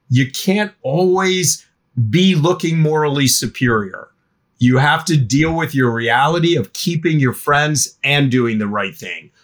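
A middle-aged guest on a podcast, an authority on teen parenting, answers questions with animation. His pitch sits in the medium range.

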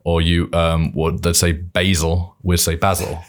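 British guy on a podcast, really low voice, rambly and laughy. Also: completely flat delivery, moderate pace, smooth. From Britain. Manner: rambling, self-correcting, laughs often. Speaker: podcast guest. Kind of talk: casual chat.

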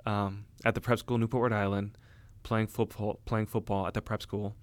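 Guy telling his story, kinda low voice, dry close sound, lots of ums and restarts. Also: level tone, moderate pace, clean tone, no room sound. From United States. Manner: earnest storytelling, many fillers and restarts. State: emotional, near tears. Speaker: interview guest, Army officer. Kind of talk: casual conversation.

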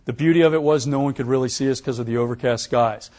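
Telling stories from his flying career in a lecture, a retired American pilot in his older years performs the quoted dialogue with lively chuckles. His delivery is fast and his voice mid-range.

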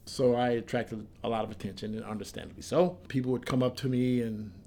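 A man's voice: medium pitch, brisk. An American man, a former Army soldier and Korean linguist, recounting his past in an interview, acting out quoted dialogue as he goes. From United States. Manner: lively recounting, acts out quoted dialogue, repeats and restarts. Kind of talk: interview storytelling.

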